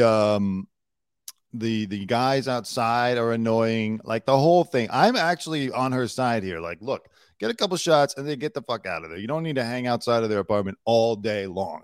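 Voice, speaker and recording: A man's voice: mid-range voice, dry recording, clean studio sound. A man hosting a casual celebrity news show, talking bluntly and sarcastically and swearing now and then.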